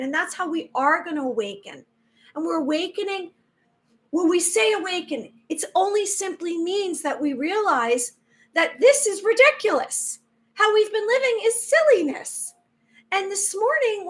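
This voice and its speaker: A woman hosting a spiritual live stream, talking in an earnest, rambling way with many restarts. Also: very high voice. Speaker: spiritual livestream host. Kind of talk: casual live-stream talk.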